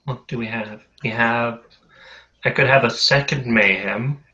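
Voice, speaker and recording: A man with a very bright voice heard through a dull, lo-fi voice call. He weighs his options aloud, slowly and hesitantly. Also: mid-range voice. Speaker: player. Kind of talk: casual game chat. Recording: muffled lo-fi voice call.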